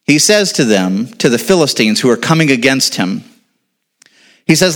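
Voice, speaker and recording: A man's voice: medium pitch, big pitch swings, normal speed, a bit bright. A male pastor preaching to a congregation in a casual style, quizzing his listeners and then answering his own questions. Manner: asks the audience questions, then answers them; informal, with casual asides. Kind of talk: sermon.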